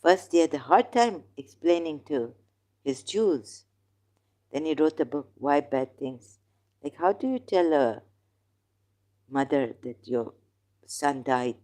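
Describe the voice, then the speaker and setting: Slow rambling talker, broken english, mellow kinda dark voice, keeps asking the listener stuff. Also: medium pitch, lively intonation. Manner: rambling, argumentative, questions the listener; non-native English with broken grammar. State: in neck pain, groaning. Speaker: host. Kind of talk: casual religious commentary monologue.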